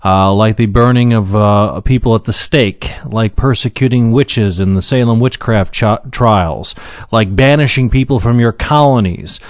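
A man giving an earnest Bible teaching, slowing down to read Scripture aloud and then explaining each verse. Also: lowish voice, no echo, lo-fi sound. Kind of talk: sermon-style Bible teaching.

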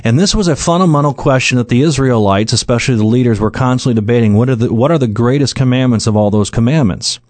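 A middle-aged man preaching verse by verse in an earnest, conversational tone, often pausing on "uh" and restarting his sentences. His voice sits at an ordinary male pitch. The sound is close and dry, with no room echo. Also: a little mellow. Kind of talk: sermon, verse-by-verse Bible exposition.

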